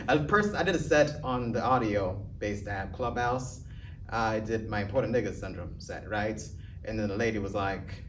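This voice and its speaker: A young man doing a casual stand-up set, rambling and deadpan with lots of swearing. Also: fairly low pitch, normal speed, slight background noise. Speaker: stand-up comedian. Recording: distant mic with faint ambience.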